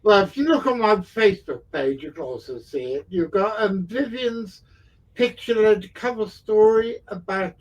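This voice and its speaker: A man's voice: high-pitched, animated, moderate pace, muffled recording. A man hosting a casual online talk show, rambling and self-mocking. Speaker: podcast host. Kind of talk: casual chat.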